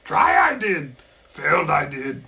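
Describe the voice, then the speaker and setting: A man's voice: fairly high pitch, a little slow, vocal fry, sharp tone, exaggerated voice. A man voicing a small wise old alien master who speaks in inverted, clipped sentences. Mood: sage.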